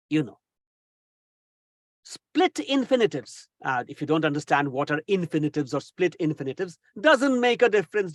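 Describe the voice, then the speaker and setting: Animated trainer, dry sound. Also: male voice, high voice, no room sound. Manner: exasperated, mocking, teasing asides. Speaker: English communication trainer. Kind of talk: recorded lecture.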